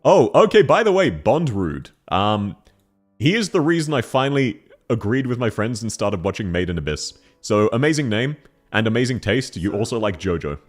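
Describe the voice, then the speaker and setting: Playful lower-voiced male streamer, lively. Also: normal speed, soft background music. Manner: playful, laughs often, teasing viewers. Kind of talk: livestream Q&A answering chat.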